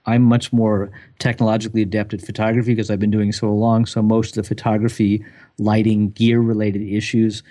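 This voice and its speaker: Easygoing lower-voiced man, interview guest. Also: brisk. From United States. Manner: relaxed, thoughtful, laughs easily, some restarts. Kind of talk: casual interview answers.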